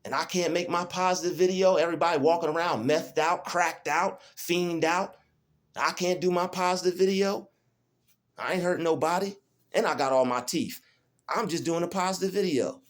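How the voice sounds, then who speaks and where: A man's voice: on the high side, normal speed. A man, filming a defiant, preachy rant in a small room, repeating his phrases over and over. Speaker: vlogger. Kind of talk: emotional self-filmed rant. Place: small rented room indoors.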